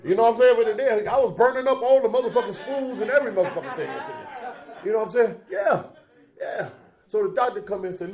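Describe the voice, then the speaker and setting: A man's voice: high voice, quick pace, a little mellow. A middle-aged man giving a raw, profane recovery testimony as guest speaker, telling his story and calling out to the crowd.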